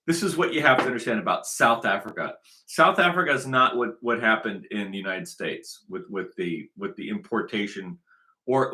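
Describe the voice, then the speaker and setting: A man's voice: fairly low pitch, bright, forceful tone. A man hosting his own channel, talking in an emphatic, rambling unscripted monologue that is full of repetition and restarts. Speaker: channel host.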